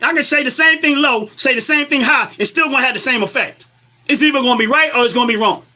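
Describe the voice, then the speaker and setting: A man's voice: extremely high pitch, fast, sharp tone. A man giving impassioned political commentary, emphatic and lecturing, firing rhetorical questions at his listeners.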